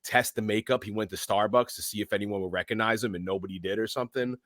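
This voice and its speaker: Man excitedly recapping a movie. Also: fairly low pitch, no echo, clean studio sound. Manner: animated, acts out movie lines in quick put-on voices. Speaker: podcast co-host. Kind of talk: casual movie recap chat.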